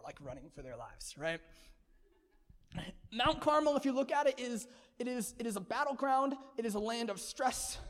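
A man preaching a sermon in an energetic, conversational way, laughing often. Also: high voice, in a large hall.

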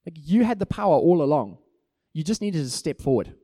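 A man preaching a sermon in an animated way, acting out small everyday scenes to make his points. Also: fairly high pitch, fairly quick, dry recording, studio quality.

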